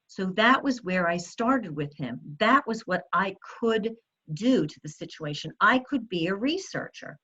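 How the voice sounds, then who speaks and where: A woman's voice: mid-range voice, expressive, measured pace, fairly bright tone, husky, muffled recording. A woman in her sixties giving a motivational talk, telling stories and coaching her audience directly. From United States. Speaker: speaker.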